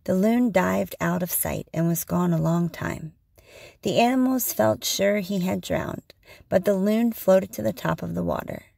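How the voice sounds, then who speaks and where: A woman reading a storybook aloud in a slow, measured way. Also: lowish voice, creaky, warm tone, no room sound, studio quality.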